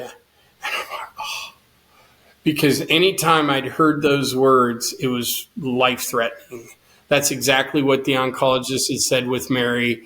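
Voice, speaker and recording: A man's voice: medium pitch, steady tone, measured pace, bright, forceful tone. A middle-aged man, an interview guest, earnestly telling a long personal story and acting out the dialogue.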